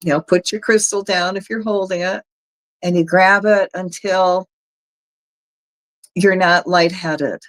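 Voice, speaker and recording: A woman's voice: fairly low pitch, steady tone, unhurried, pauses often, low-quality recording. A woman with a Southern US accent, an energy healer leading a chatty, folksy guided energy work session for viewers. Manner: chatty, folksy, talks viewers through steps.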